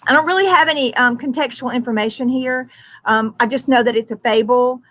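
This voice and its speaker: A high-pitched woman talks through a writing lesson as a teacher. She thinks aloud with plenty of ums, corrects herself, and slows down on the words she wants to stress. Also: a bit bright.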